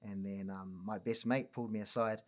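A man in his thirties with a New Zealand accent, a guest telling stories in a casual, slangy, animated way with frequent laughter. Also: on the low side, normal speed. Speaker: guest, mental performance coach. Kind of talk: casual storytelling chat.

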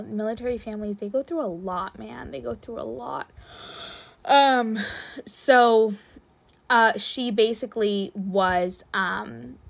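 A young woman telling a casual anecdote about babysitting, acting out the quotes and laughing often. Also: medium pitch. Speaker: storyteller.

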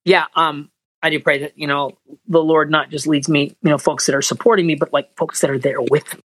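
A man's voice: a little high, steady tone, a little fast, fairly bright tone, dry recording, low-quality recording. A man, a voice actor, chatting in an interview, rambling and earnest with many restarts. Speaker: voice actor guest. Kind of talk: casual interview chat.

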